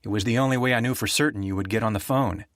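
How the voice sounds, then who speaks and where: A man voicing a tense, grieving former professor who speaks in a quiet, controlled way in an audiobook. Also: fairly low pitch, racing, no echo, clean studio sound, natural voice. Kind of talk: audiobook character voice.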